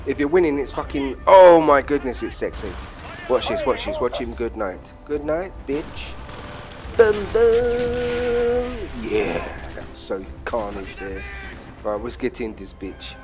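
A British man giving crude, excitable let's play commentary while trash-talking enemies in a war game. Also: mid-range voice, moderate pace. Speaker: gamer. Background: game music and gunfire.

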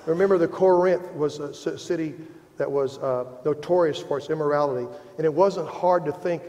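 Earnest Midwestern pastor in a reverberant church. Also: male voice, fairly high pitch, normal speed, dark tone. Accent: Midwestern American. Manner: earnest, self-deprecating, rises in emphasis. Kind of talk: sermon. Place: church sanctuary. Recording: long hall reverb.

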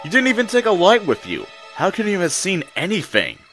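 A man voicing an anxious, eager young male tank engine with a high, emotional voice. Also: huge pitch swings, a little fast, fairly bright tone, exaggerated voice. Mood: pressing. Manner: high, emotional, stammering when upset. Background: music.

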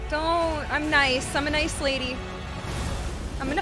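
A woman streaming a game live, talking to herself and her chat, jumpy and quick to yell or laugh. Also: sits high, fairly even intonation. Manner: jumpy, swings between panicked yelling and laughing self-talk. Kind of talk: live gameplay commentary. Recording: game music behind the voice. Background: game music.

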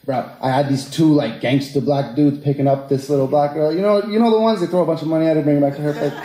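A man's voice: fairly high pitch, fast, dark tone, echoey room. A young man doing a stand-up set, telling crude stories animatedly and firing asides at the crowd. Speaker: stand-up comedian.

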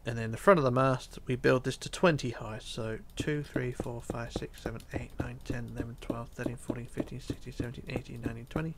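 A sleepy guy with a gravelly, low-key voice talks through a game build briskly, with hardly any pauses, yawning and relaxed as he counts blocks under his breath and drops nearly to a whisper. Faint hiss and keyboard clicks sit in the background.

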